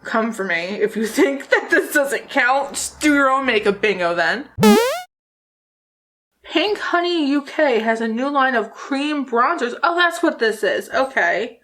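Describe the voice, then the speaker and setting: A woman's voice: sits high, lively intonation, a little slow, a bit bright. Chatty, sarcastic woman beauty vlogger. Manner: chatty, sarcastic, laughs often. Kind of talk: casual chat.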